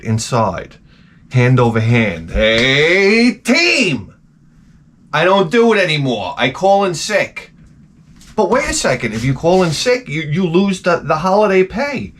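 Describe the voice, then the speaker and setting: Exasperated and swearing, a man delivers a meandering vlog rant that lurches from loud bursts to quiet mutters. A little hiss or hum sits under the recording.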